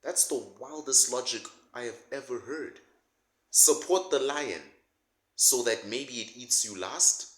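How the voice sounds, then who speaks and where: Sarcastic man ranting, lively. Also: mid-range voice, slow pace. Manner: sarcastic, mocking, laughs at his own jokes. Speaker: political commentator. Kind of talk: comedic political rant. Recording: roomy echo.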